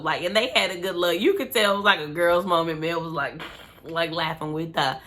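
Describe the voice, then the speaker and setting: A woman's voice: on the low side, expressive, fairly quick, sharp tone. A woman casually recapping a reality show episode, opinionated and slangy, full of fillers and asides.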